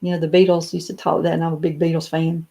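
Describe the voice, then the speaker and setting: A woman's voice: low-pitched, level tone, fast, creaky, mellow. Chatty older woman on a live stream. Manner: chatty and rambling, with many fillers and restarts. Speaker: doll collector hosting a live stream. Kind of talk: casual live-stream chat, answering viewer comments. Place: home office lined with doll showcases.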